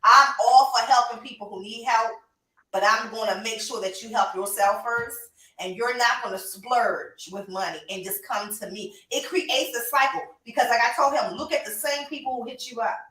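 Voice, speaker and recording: A woman's voice: on the high side, moderate pace, sharp tone. A woman co-hosting a podcast, talking emphatically and animatedly with laughs. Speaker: podcast co-host and reptile breeder. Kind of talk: casual chat. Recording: roomy, distant from the mic.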